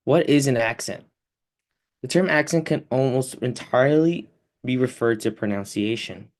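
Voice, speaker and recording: A young man explaining a class topic as a student presenter, pausing often with fillers. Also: mid-range voice.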